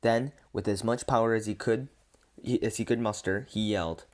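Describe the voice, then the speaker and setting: A man reading an absurd comic story aloud in a deadpan way, often stumbling and restarting words. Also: fairly low pitch, moderate pace.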